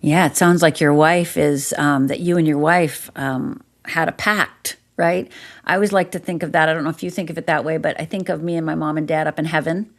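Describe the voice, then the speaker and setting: A woman guest on a podcast, a life coach, telling stories in an animated way and acting out the voices in them. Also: low-pitched, fairly quick. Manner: animated storyteller, acts out voices. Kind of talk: casual interview chat.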